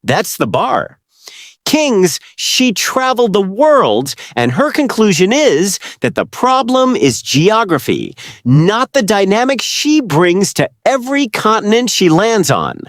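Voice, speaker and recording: A commentary narrator lectures the viewers in a judgmental, scripted tone. The delivery has a lively, varied pitch, and the sound is dry and close with no room echo. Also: slow pace. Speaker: channel narrator.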